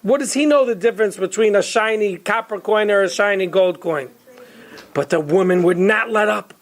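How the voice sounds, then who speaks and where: A woman telling a story in a lively, conversational way, with asides to her listeners. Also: medium pitch, normal speed. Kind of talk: storytelling to an audience.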